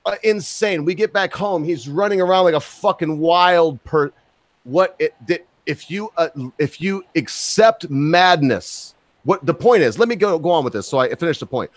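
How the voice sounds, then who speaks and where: A man's voice: a little high, expressive, normal speed, no echo. A man hosting an opinionated chat show, rambling, swearing and losing his train of thought. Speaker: podcast host.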